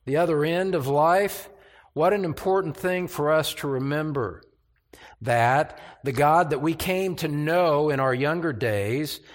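An older man preaching an expository sermon, slow and deliberate, with emphatic rises on key phrases. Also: fairly high pitch.

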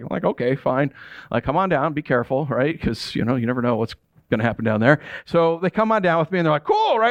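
A man's voice: on the high side, no echo. A middle-aged man preaching a conversational sermon as a pastor. He repeats phrases for emphasis and acts out quoted voices.

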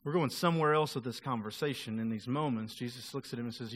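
A man's voice: medium pitch, quick pace, hardly any pauses, a bit bright. A male pastor preaching a sermon in a casual, conversational way, acting out quoted voices of the people he talks about.

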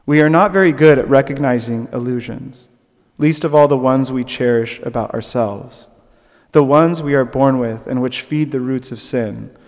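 At normal speed and medium pitch, a young male preacher offers a conversational sermon reflection in a big-room sound. He relies on fillers and restarts and gets animated when telling stories.

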